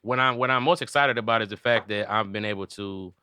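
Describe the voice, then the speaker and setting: A man hosting a podcast as a comedian, talking casually and acting out bits in loud, animated voices. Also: on the low side, fast, smooth, dry recording.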